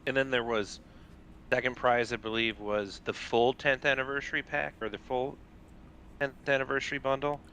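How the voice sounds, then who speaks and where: Male co-host, bright forceful voice, unhurried and unsure, faint background noise. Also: mid-range voice, little pitch movement. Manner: hesitant, unsure recall. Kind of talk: casual live stream chat.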